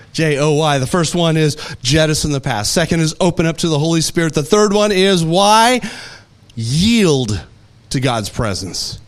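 A man preaching a sermon, telling stories with animated delivery and acting out voices. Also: fairly high pitch. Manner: animated storytelling, acts out voices. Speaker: pastor.

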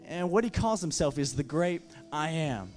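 A man's voice: a little high, lively intonation, moderate pace, darkish tone, faint music behind. A man preaching a sermon as pastor, impassioned, with emphatic repeated phrases.

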